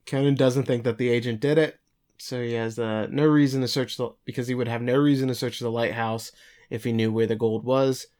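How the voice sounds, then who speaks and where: A man's voice: mid-range voice, steady tone, brisk, a little mellow. A man co-hosting a podcast, giving a loose, chatty recap of an episode over a remote call. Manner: chatty, loose, with filler words. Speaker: podcast co-host. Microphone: remote call mic.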